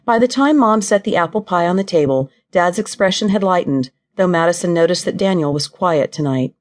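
A woman reading a novel aloud as audiobook narrator, in an even, measured storytelling way. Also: fairly low pitch.

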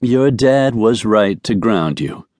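A man's voice: fairly low pitch, animated, takes it slowly, darkish tone, dry recording. A man voicing a teasing grown woman. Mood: gently firm. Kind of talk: audiobook character voice. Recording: dry studio recording.

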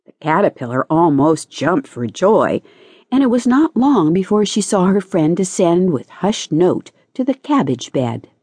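A woman narrating a children's storybook audiobook with gentle, expressive storytelling. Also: fairly low pitch, a little slow, slightly rough, dry recording.

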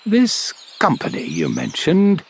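A man voicing an eccentric, breezy, polite male time traveller, who speaks in a courteous, gentle way in an audiobook reading. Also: sits high, huge pitch swings, takes it slowly, gravelly, slight background noise, voice pushed up, heavily acted.

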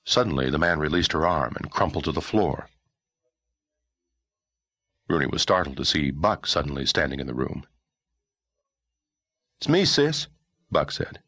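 An audiobook narrator with a very deep, husky male voice reads scripted narration. His storytelling is measured and expressive, and the recording is dry.

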